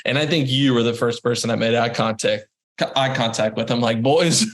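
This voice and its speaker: A man in his thirties, a guest on a podcast, tells his stories casually and with lots of energy. He laughs and trips over repeated words as he gets excited. His voice sits at an ordinary middle pitch. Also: fairly quick. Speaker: interview guest. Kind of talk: casual storytelling.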